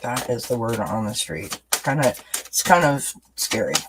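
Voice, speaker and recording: A man's voice: medium pitch, sing-song, measured pace, background noise. Chatty, rambling male tarot reader. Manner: rambling and chatty, with many restarts; talks directly to viewers as friends. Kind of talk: live-streamed tarot reading chat.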